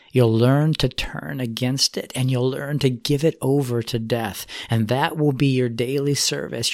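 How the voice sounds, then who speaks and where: A man giving a sermon, speaking in an earnest, measured way as he exhorts his listeners. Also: medium pitch, vocal fry, dry recording, clean studio sound. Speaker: preacher.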